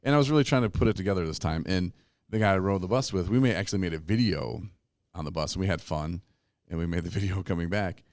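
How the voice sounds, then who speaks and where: A man hosting a recovery podcast at a retreat, telling stories in a casual, animated way and laughing often. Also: low-pitched, quick pace, no room sound, studio quality. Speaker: podcast host. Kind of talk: casual storytelling chat.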